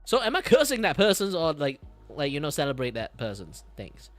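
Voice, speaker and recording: A man streaming while he draws, talking in a rambling, animated way, swearing, laughing and breaking into loud outbursts. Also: fairly high pitch, a little fast, faint music behind. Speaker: streamer and artist. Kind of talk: casual live-stream chat while drawing.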